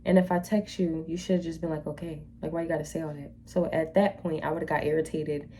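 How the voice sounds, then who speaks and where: A woman's voice: sits low, little pitch movement, fast talker, dark tone, slight background noise. A woman hosting a reaction video, giving blunt, opinionated, slangy commentary on dating stories.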